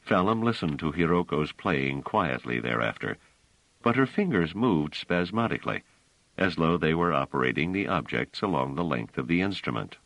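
Deep-voiced male audiobook narrator. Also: sing-song, normal speed, creaky, a bit bright, dry recording, low-quality recording. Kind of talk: scripted narration.

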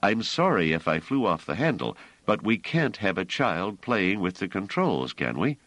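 A man's voice: sits low, sing-song, moderate pace, a bit bright, dry recording, exaggerated voice. A man reading an audiobook voices an irritable, argumentative man who speaks curtly. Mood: irritated. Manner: curt, argumentative. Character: irritable, brooding man, ship's captain type. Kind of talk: audiobook character voice.

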